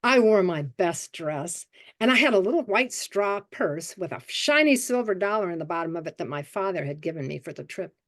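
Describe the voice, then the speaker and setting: A woman in her seventies telling a personal childhood story at a story swap event, vivid and expressive. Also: on the low side, moderate pace. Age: 70s.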